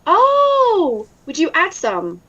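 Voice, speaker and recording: A woman's voice: very high-pitched, huge pitch swings, very slow, a bit bright, highs cut off. An English woman in casual chat, talkative and laughing often, now and then swearing. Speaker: voice actor guest.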